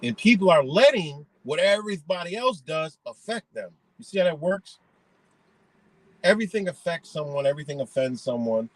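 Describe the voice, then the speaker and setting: A man's voice: on the high side, expressive, moderate pace, no room sound, poor audio. A man ranting indignantly in a profane, rambling monologue.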